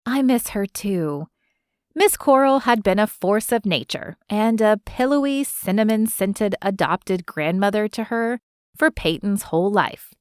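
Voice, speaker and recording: Audiobook narrator, woman, even measured read, dry close mic. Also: medium pitch, smooth, no echo. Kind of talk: scripted narration.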